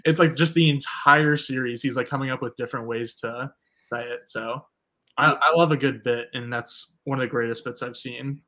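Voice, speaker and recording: A man's voice: mid-range voice, steady tone, normal speed, bright, forceful tone. Easygoing male podcast co-host. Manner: laid-back, full of "like" fillers. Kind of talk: casual chat.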